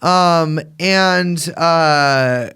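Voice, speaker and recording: A man co-hosting a podcast in casual chat, rambling and animated, with lots of fillers. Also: a little high, extremely slow, clean tone. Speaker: podcast co-host.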